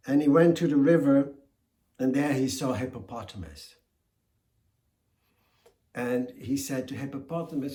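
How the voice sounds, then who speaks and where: A man telling a folk tale in a slow, deliberate, expressive way. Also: mid-range voice. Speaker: storyteller. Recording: echoey room.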